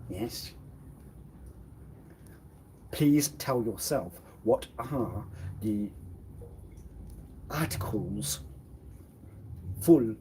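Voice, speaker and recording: A man on a solo live stream, rambling in circles and repeating phrases, with sudden loud outbursts. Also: on the low side, animated, extremely slow, pauses often, a little hiss or hum. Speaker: livestreamer.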